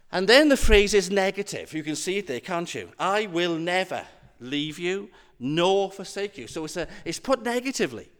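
A man preaching a sermon in an earnest, emphatic way, driving points home through repetition. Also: high voice. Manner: earnest, emphatic, repeating phrases for weight.

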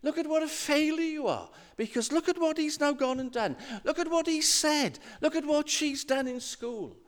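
A man's voice: extremely high pitch, expressive, moderate pace, voice pushed up. A man voicing a nagging inner voice of self-doubt that scornfully belittles the listener.

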